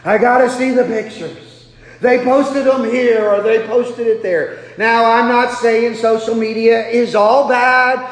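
A man from Nebraska preaches with an unusually high voice, telling stories at his own expense and now and then rising to a shout. The sound rings around a large church hall, with a long reverb trailing each phrase. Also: unhurried. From Nebraska, USA. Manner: animated, self-deprecating storytelling with sudden loud bursts. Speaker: pastor. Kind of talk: sermon.

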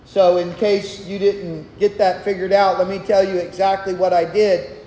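A man preaching a sermon as pastor of a church, reading scripture and explaining it in a measured, unhurried way with frequent restarts. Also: high-pitched, level tone, warm tone, a little hiss or hum. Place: church sanctuary. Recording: echoey hall, long reverb.

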